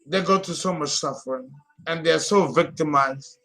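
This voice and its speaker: A man's voice: a little high, moderate pace, bright, forceful tone, soft background music. A man in his fifties giving a theatrical, exclamatory solo astrology talk. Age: 50s. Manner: dramatic, exclamatory, laughing.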